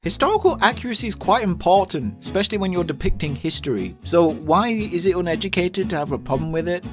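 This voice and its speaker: A man's voice: high voice, animated, fast. A man delivering a scripted, sarcastic gaming commentary, firing off rhetorical questions one after another. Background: background music.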